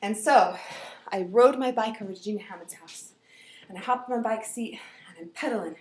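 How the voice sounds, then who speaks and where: A woman telling a personal story aloud in an animated way, dropping to whispers and rising to loud outbursts. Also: mid-range voice, fairly quick, reverberant, a little hiss or hum.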